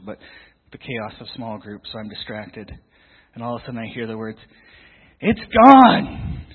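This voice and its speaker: A middle-aged man shares a testimony from the church stage, breaking into acted-out quotes and restarting his sentences. His voice is husky. The sound is thin and phone-like, with a long hall echo. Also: mid-range voice. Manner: animated storyteller, acts out quotes, many restarts. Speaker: youth leader sharing a testimony in church. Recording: tinny, echoey hall recording.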